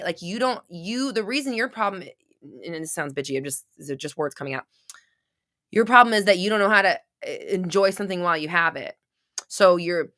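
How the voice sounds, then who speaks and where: A woman's voice: mid-range voice, bright, forceful tone. A woman hosting a livestream who answers chat questions, talking bluntly with swearing, restarts and rambling asides. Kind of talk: casual livestream advice talk.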